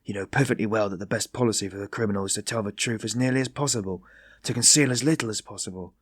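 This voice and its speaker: A man voicing a feverish, hostile young man who speaks in sharp, accusing outbursts. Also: lowish voice, quick pace, no echo, clean studio sound, natural voice.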